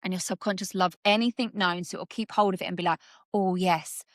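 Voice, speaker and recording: Animated woman coaching in a dry room. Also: fairly low pitch, a little fast, no room sound. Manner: animated, acts out little scenes in different voices. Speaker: subconscious coach guest. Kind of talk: conversational coaching chat.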